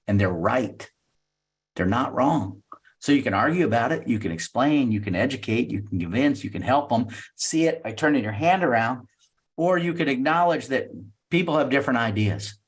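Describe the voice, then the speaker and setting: A middle-aged man giving a sales training talk, energetic and teaching, acting out client questions in a raised voice. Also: medium pitch. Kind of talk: talk at a networking meeting.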